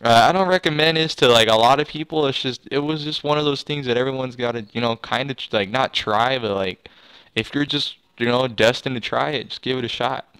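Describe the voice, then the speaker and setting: A man's voice: medium pitch, a little fast, a bit bright, clear, resonant tone, dry recording, rough recording. A young man vlogging, telling a story in a rambling, casual way with lots of restarts and swearing.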